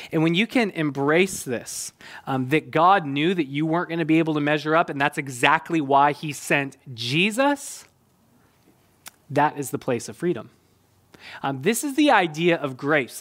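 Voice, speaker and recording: A man's voice: fairly high pitch, a bit bright. A middle-aged male pastor giving an earnest, conversational sermon, with frequent ums and uhs as he explains and reads scripture. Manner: earnest, conversational preaching with fillers.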